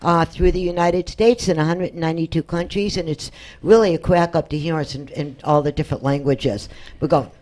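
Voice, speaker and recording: A woman hosting a casual radio talk show, bubbly and excitable as she chats with guests. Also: deep voice, fairly quick.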